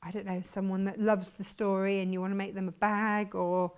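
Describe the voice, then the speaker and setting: Chatty lady selling fabric on tv, gushy, middle pitch, bit muffled. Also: little pitch movement, fairly quick, clean tone. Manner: enthusiastic, gushing, chatty. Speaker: shopping channel presenter. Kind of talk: chatty live sales presentation.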